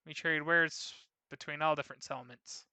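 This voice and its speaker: A man's voice: a little high, fairly even intonation, normal speed, sharp tone, smooth, no echo. A man reading aloud the lines of a boastful, folksy caravan trader. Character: gruff male caravan trader. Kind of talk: reading game dialogue aloud.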